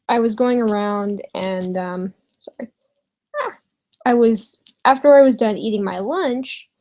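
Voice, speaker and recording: A young woman talks slowly through a personal story in her bedroom, stopping often with ums and restarts. Her pitch sits in a middle range, and her tone stays casual with the odd swear. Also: darkish tone, a little hiss or hum, rough recording. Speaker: vlogger.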